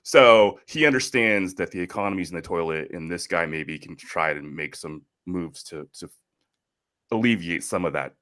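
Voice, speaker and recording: A man's voice: deep voice, normal speed, a bit bright. A man co-hosting a podcast in casual chat, explaining the news in an easygoing way and laughing easily. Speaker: podcast co-host.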